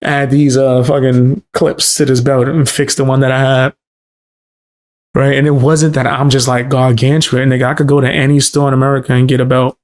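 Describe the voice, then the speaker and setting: A man's voice: mid-range voice, flat delivery, normal speed, a little mellow. A man from the Bronx with a New York accent, telling loose, profane stories in casual chat on a live stream. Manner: loose, profane storytelling with street slang.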